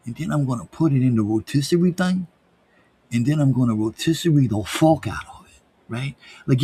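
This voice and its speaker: A man's voice: mid-range voice, darkish tone, slightly rough. A man putting on the voice of a brash grown son who boasts with over-the-top tough-guy bravado.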